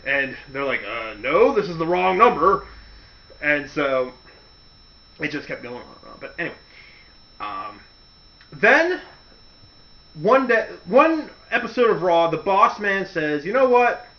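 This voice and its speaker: Animated high-voiced man, lo-fi recording. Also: unhurried, pauses often. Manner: animated, acts out quotes with mocking voices. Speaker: wrestling commentary host. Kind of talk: casual storytelling monologue. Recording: dull lo-fi audio.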